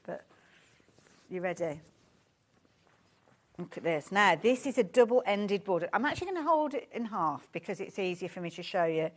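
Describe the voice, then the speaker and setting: A fairly low-pitched, animated woman speaks at normal speed, pausing often. She has a Birmingham accent and presents fabric on a live shopping show from a studio, chatty, gushing, and quick to get sidetracked.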